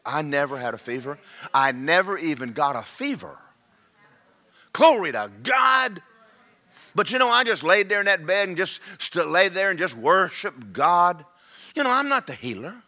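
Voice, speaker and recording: A male pastor preaching a sermon, folksy and fervent, swinging from quiet asides to shouting. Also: high voice.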